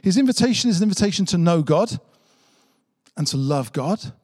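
A man preaches an Easter sermon in a dramatic storytelling manner, stacking repeated phrases for emphasis. His voice sits a little high for a man. The recording is dry and close, with no room echo. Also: lively intonation, fairly quick, darkish tone. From Britain. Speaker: pastor.

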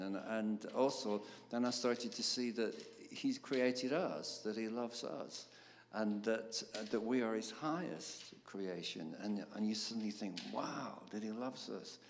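Older guy, low voice, chatty storyteller who laughs a lot, roomy reverb and faint noise behind. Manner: animated, laughing storyteller, with many fillers. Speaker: guest songwriter. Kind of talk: storytelling interview.

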